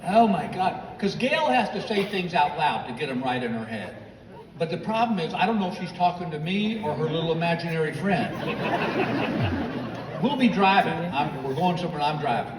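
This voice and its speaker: A man's voice: a little high, lively intonation, brisk, a crowd in the background, noisy background. An older American man doing a storytelling stand-up comedy routine on a theater stage, heard through a handheld stage mic from out in the audience. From United States. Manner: storytelling, mimics his wife in quoted lines. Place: large live theater stage. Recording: audience phone recording, roomy and distant. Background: audience laughter and clapping.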